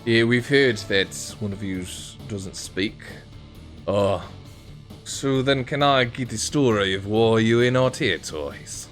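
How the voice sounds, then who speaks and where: A portly sea-folk councillor who speaks in a measured, formal way, voiced by a man at a tabletop game. His voice sits near an everyday man's pitch, with faint music behind it. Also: animated. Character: portly male Triton councillor, formal and cautious.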